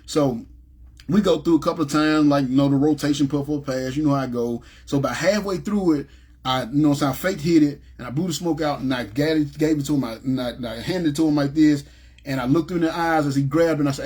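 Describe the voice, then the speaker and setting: A man from Memphis telling his personal testimony in a rambling, animated way and often asking "you know what I'm saying". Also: a little high, fast, slightly rough. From Memphis, USA. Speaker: ministry speaker giving testimony.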